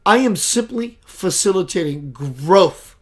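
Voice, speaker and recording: Picture a serene male alien mentor, as a man quotes him in a slow, deliberate voice. Each instruction comes out measured and patient. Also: high voice, lively intonation. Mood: calm, guiding. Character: calm wise male alien guide.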